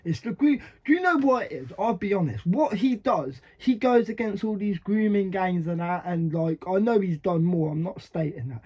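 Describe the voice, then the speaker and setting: A man's voice: a little high, dark tone, slightly rough. A man giving blunt, slangy reaction commentary, swearing often and laughing between remarks. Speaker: reaction video host. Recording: dull lo-fi sound.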